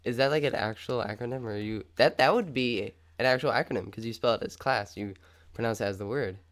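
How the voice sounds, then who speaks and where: A man's voice: mid-range voice, brisk, fairly bright tone. A young man co-hosting a casual podcast, joking around playfully and laughing often. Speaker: podcast co-host. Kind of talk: casual chat.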